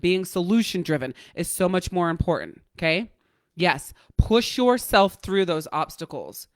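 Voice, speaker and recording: A woman's voice: lowish voice, no room sound, studio quality. Blunt, profane woman life coach. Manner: blunt, profane, emphatic repetition. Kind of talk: motivational coaching talk.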